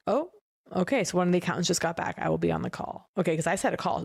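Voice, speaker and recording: A woman co-hosting a podcast in casual chat, telling stories with animated energy and acting out what other people said. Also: lowish voice, rapid-fire, creaky, slightly rough. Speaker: podcast co-host.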